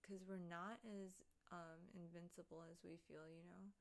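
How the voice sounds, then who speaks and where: A woman's voice: fairly low pitch, level tone, moderate pace, creaky. A woman streamer chatting casually, rambling and sidetracked, swearing freely as she talks. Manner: rambling, profane, easily sidetracked.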